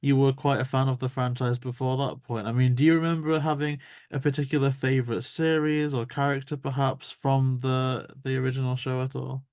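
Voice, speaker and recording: An eager, courteous interviewer asking a guest long, fan-minded questions. The voice is mid-pitched and speaks steadily. The recording is close and dry. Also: flat delivery, a little fast, a little mellow, no room sound. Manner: polite, enthusiastic fan.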